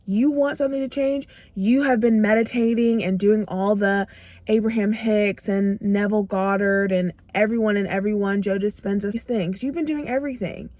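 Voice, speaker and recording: A woman's voice: medium pitch, normal speed, darkish tone, no echo. A young woman giving a motivational self-growth talk to camera, emphatic and repeating phrases for punch. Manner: acts out her own inner dialogue in quotes.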